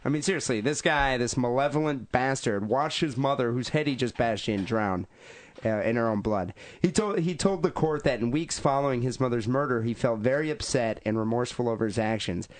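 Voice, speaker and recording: A man's voice: medium pitch, a little fast. Irreverent man co-hosting a casual podcast. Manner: joking, irreverent. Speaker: podcast co-host. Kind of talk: casual chat, retelling a news story.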